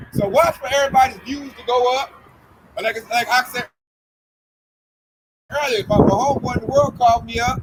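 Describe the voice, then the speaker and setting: A man with a very high voice leads a casual religious group talk. He is animated and mocking. Faint noise sits under his voice. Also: brisk, long pauses. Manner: animated, mocking, acts out scared people.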